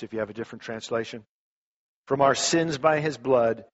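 A man's voice: mid-range voice, fairly quick. A male pastor preaching a sermon in a conversational way, telling stories with lots of restarts. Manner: conversational, animated storytelling, frequent restarts. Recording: dull lo-fi recording.

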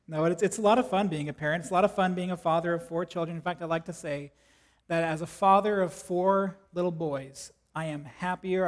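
A man in his thirties, a pastor giving a sermon in a church service in a casual, joking way. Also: a little high. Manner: conversational, joking, self-deprecating.

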